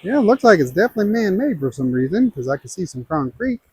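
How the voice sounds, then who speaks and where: A man's voice: high voice, big pitch swings, fast talker, darkish tone, slightly rough, no room sound. Male hiking vlogger, Ozark accent, casual and breathless, dry close sound. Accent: Ozark Southern American. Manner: chatty, easygoing, talks to viewers while walking. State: out of breath from climbing. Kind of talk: casual walking vlog. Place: outdoors on a wooded trail. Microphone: handheld camera.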